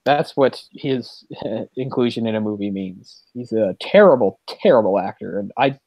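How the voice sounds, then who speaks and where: A man hosting a podcast, chatting casually about movies in a rambling, animated way with quick laughs. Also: fairly low pitch, dry recording, dull audio. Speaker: podcast host.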